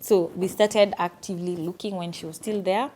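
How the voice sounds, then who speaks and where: A woman's voice: on the low side, moderate pace. Young woman telling a story. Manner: earnest, animated retelling with quoted asides. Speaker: vlogger. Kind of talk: storytime vlog.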